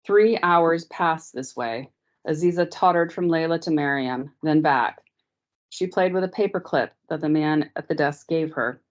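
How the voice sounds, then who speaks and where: Low-voiced woman reading a novel aloud. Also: unhurried. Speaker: teacher. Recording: dull lo-fi online meeting audio.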